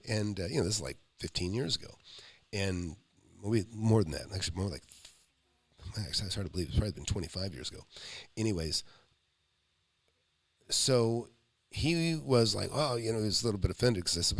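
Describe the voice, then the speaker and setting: A man's voice: lowish voice, brisk, dry recording. An American man, a real estate investor, rambling through a casual commentary and telling stories. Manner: rambling, storytelling, animated when quoting.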